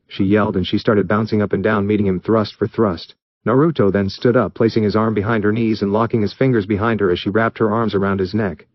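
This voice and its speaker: A man reading fan fiction aloud in steady, even narration. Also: fairly low pitch, a little fast, dry recording, muffled recording. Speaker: story reader.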